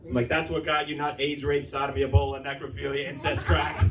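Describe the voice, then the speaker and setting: A man's voice: mid-range voice, little pitch movement, brisk, a crowd in the background. A man doing a crude stand-up comedy set in a club, rambling loosely and acting out quotes. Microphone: handheld stage mic, recorded from the room. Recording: echoey club recording from far off.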